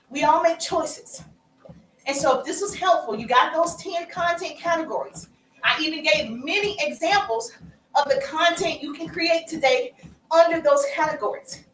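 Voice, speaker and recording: A woman gives a motivational marketing lesson, hammering her points home in an emphatic, repetitive, preacher-like rhythm. Her voice sits high and rings in a roomy space, a little away from the mic. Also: a bit bright, far from the mic, slight background noise. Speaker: social media marketing coach. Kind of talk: motivational training talk.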